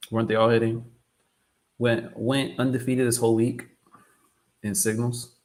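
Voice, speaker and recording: A man's voice: mid-range voice, slow pace, mellow. A man hosting a live trading stream, chatting loosely and often repeating himself. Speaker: trading livestream host. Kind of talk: casual live-stream chat.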